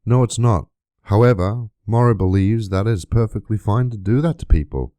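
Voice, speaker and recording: A man's voice: on the low side, normal speed, warm tone, no room sound. A man delivering an indignant, emphatic monologue to camera, full of rhetorical questions. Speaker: YouTube creator.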